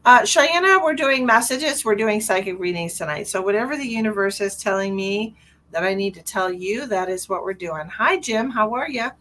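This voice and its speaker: A woman in her forties, a psychic medium chatting on a live stream, rambling and gushing, often laughing and breaking into high excited greetings. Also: normal speed, rough recording. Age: 40s. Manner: frequent restarts and fillers, sudden high excited greetings. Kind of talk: live-stream psychic reading, casual chat.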